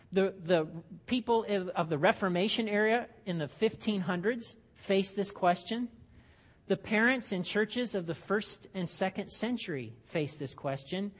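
A man preaching a sermon in a church, in a conversational way with joking asides and frequent restarts. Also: high-pitched. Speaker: pastor.

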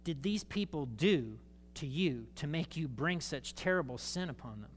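A pastor reading a stern biblical leader. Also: male voice, a little high, expressive, moderate pace, a little hiss or hum, natural voice. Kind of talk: sermon.

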